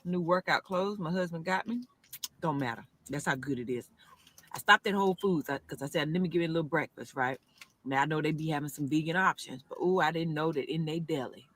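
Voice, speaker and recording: A woman films herself in her car on her phone. Her voice is bright and clear. She talks with a drawn-out, preacher-like cadence. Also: low-pitched. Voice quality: animated southern-style preacher cadence, drawn-out exclamations. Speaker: food video creator. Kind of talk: casual selfie video review.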